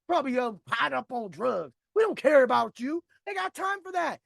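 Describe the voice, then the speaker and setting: A man's voice: very high voice, sing-song, moderate pace, gravelly, few pauses, a bit bright, no room sound, clean studio sound. A middle-aged man hosting a podcast, telling a grievance story in a profane, rambling rant. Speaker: podcast host. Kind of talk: ranting storytelling.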